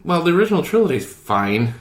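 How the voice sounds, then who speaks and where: A man's voice: fairly high pitch, big pitch swings, quick pace. A man in his thirties hosting a podcast in snarky, laughing casual chat. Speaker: podcast host. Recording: roomy echo.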